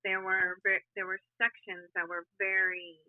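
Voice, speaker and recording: A woman's voice: mid-range voice, level tone, normal speed, no room sound. Woman on a phone call, tinny, dry, kinda hesitant casual chat. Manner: laughing, hesitant. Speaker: guest calling in.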